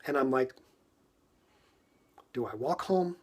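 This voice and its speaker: A man's voice: medium pitch, lively intonation, slow pace. A man from New York telling a casual story on a phone livestream, acting out his own frustration with lots of repetition.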